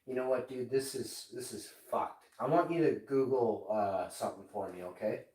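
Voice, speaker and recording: A man's voice: medium pitch, normal speed, a little mellow, reverberant, far from the mic, low-quality recording. A man in his forties streaming live and chatting with an AI assistant in a profane, rambling, mocking way. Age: 40s. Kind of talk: casual chat with an AI assistant.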